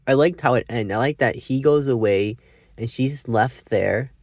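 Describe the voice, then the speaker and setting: A man chatting through a film review in a loose, wandering way, cutting himself off mid-thought and dropping casual curses. His voice sits at an ordinary middle pitch. The sound is dry and close, with no room around it. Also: normal speed, darkish tone, no room sound. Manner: meandering, self-interrupting, swears freely. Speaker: movie reviewer.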